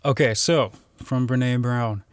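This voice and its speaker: A man's voice: mid-range voice, steady tone, a little slow. A man talking casually on his own, reading out definitions with many fillers and restarts.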